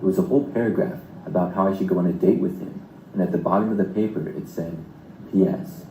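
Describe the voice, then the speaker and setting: A man reads a first-person horror story aloud in a steady, unhurried delivery. His voice sits very low, with a dark, mellow tone. The recording has a roomy echo and a faint hiss behind it. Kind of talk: scripted first-person narration.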